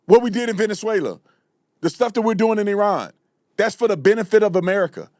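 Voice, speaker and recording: A man hosting a live commentary show, delivering a fiery, repetitive rant that sometimes breaks into shouting. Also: high voice, fast, dry recording, studio quality. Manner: fiery, ranting, repeats himself, shouts at times. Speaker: show host. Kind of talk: heated live political commentary.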